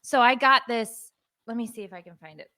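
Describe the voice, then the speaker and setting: A woman's voice: a little high, fairly quick, sharp tone. A woman in her thirties co-hosting a parenting podcast, chatting casually and laughing easily. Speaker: podcast co-host. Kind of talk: casual chat.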